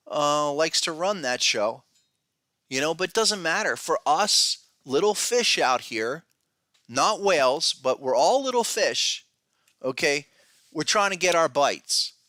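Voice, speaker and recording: In a relaxed podcast episode, a trading educator and host runs through his take on the markets with a fairly high, bright, edgy voice. He's emphatic and restless, frequently cutting off sentences and starting over. The sound is dry and close-miked, with no sense of a room.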